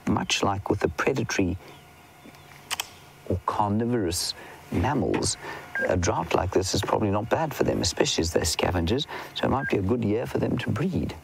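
Speaking with a gravelly, fairly low voice, a man guides a live safari broadcast outdoors in the bush. He is chatty and enthusiastic, answers viewers' questions and at times lowers to a whisper, while a rough recording carries a little hiss or hum.

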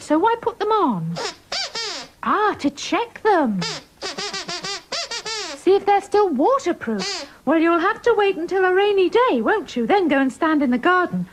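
Sue, a gushing girl panda puppet. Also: slight background noise. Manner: squeaky, gushing, fussing over friends. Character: cheerful female panda puppet, girlish and excitable. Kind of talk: children's TV puppet voice.

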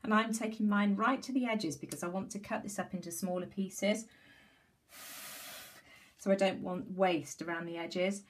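A woman's voice: mid-range voice, steady tone, moderate pace. A woman chatting enthusiastically through a home craft demonstration, with many ums. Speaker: craft tutorial host. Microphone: camera mic.

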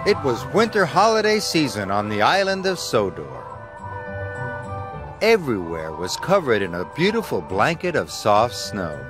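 A man reading scripted storybook narration for a children's cartoon, slow and expressive. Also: mid-range voice, over music.

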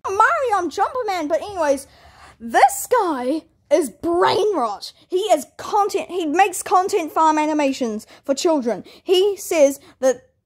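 A woman's voice: extremely high pitch, exaggerated voice. A woman voicing an annoyed plush character in a homemade comedy skit, hesitant and full of ums. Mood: complaining.

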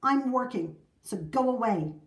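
A woman's voice: fairly high pitch, expressive, unhurried. A woman voicing a grumpy, boastful male piper who talks down to others in a storybook. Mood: curt. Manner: dismissive, curt.

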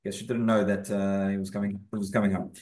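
A man's voice: on the low side, flat delivery, fast talker, a little mellow. A man, a rabbi, giving a conversational class in a synagogue and reading sources aloud, with frequent fillers and restarts. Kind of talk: casual spoken Torah class. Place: synagogue room. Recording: echoey room.

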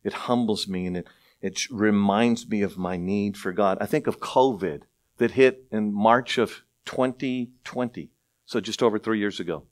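A middle-aged male pastor preaching a sermon, telling stories with lively acted-out voices and frequent laughter. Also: lowish voice, normal speed. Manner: animated storytelling, acts out voices, laughs often.

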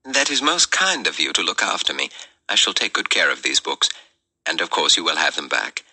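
A man doing a courteous British gentleman. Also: deep voice, very animated, normal speed, slightly rough, exaggerated voice. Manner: courteous, formal. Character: polished British gentleman in disguise.

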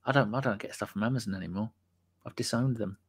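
A man's voice: on the low side, fast, slightly rough. A man hosting a casual podcast and live chat. He talks in cheeky, sweary, jokey banter. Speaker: podcast host.

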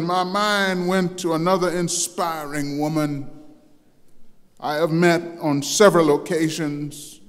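An older man delivers a sermon as pastor at an unhurried pace. His voice sits high for a man, and he brings anecdotes to life by acting out the quotes. Long reverb from the church hall trails behind every phrase. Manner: storytelling with acted quotes and animated shifts in pitch. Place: large church sanctuary.

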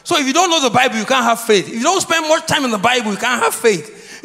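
A man preaching a sermon, his voice set high and swinging widely in pitch as he calls out questions for the congregation to answer back. He repeats key phrases over and over. The sound carries a long reverb from a church hall. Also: big pitch swings, fairly quick, fairly bright tone. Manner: repetitive, prompts congregation to answer. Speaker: pastor. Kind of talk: sermon with call and response. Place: church sanctuary.

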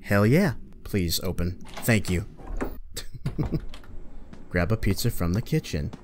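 A man playing a horror game and commenting as he goes. He swears at the characters and talks back at the game, then breaks into loud, panicked yelps. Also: deep voice, sing-song, takes it slowly, a little hiss or hum. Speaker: let's play gamer.

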